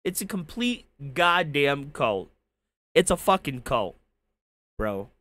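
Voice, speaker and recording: A man's voice: a little high, sing-song, takes it slowly, fairly bright tone, dry recording. A man hosting a casual livestream. He comments with profane, mocking rants and then signs off to his viewers. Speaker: stream commentator.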